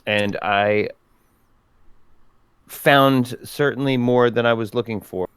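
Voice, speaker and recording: A man answers in character during a tabletop role-play, pausing often on fillers. He speaks slowly at a mid pitch, and the recording is dry and close. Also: a bit bright, clean tone, no room sound. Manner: halting, with frequent fillers and laughter. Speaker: player.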